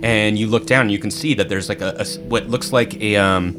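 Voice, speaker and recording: A man's voice: on the low side, fairly even intonation, fairly quick, over music. A man narrating a tabletop game as game master, describing scenes loosely with many fillers and restarts.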